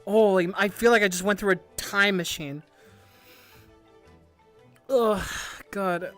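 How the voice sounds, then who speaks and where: Female livestream host, casual chat, excitable and rambling with frequent swearing, mid pitch, light music under her. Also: slow. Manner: rambling and excitable, swears a lot and laughs often. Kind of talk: casual livestream chat answering viewer questions.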